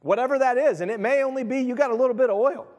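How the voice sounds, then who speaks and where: High-voiced preacher in a reverberant hall. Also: male voice, racing. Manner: animated, conversational preaching with quoted voices. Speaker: pastor. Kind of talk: sermon.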